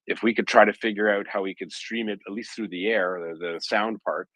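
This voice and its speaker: A man's voice: fairly low pitch, fairly even intonation, brisk, fairly bright tone, dry recording, low-quality recording. A man hosting a live audio chat room, talking in a rambling way with many fillers and restarts. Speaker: host of a live audio space.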